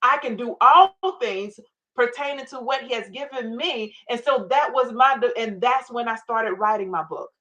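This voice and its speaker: A woman's voice: a little high, moderate pace, bright, forceful tone, highs cut off. A middle-aged woman telling her faith story in an interview, emphatic, with her own past prayers acted out in quotes. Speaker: guest. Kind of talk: faith-based interview talk.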